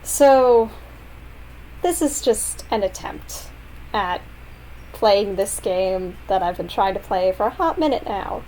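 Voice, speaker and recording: A woman's voice: medium pitch, expressive, slow pace, darkish tone, poor audio. A young woman chatting through a game playthrough in a loose, rambling way, full of asides at her own expense. Her voice sits mid-range with a faint hum of background noise behind it. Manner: rambling, self-deprecating asides. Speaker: gaming video creator. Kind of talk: casual let's-play commentary. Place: home, late at night.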